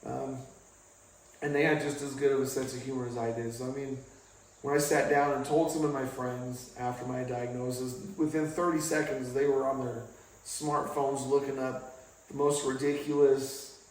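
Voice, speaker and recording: A man talks casually to the camera in a halting, stop-start way, his voice at an ordinary middle pitch. He sits in a bare garage where the sound rings a lot, and he is picked up from some distance away. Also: flat delivery. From England. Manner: halting, casual, with pauses and restarts. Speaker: vlogger. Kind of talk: candid personal story to camera. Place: home garage. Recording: very echoey garage, mic far off.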